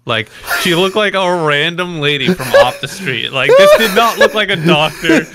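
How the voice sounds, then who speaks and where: A man's voice: high-pitched, expressive, measured pace, few pauses, fairly bright tone. A young man hosting a podcast, telling rambling stories in casual chat and laughing often. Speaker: podcast host.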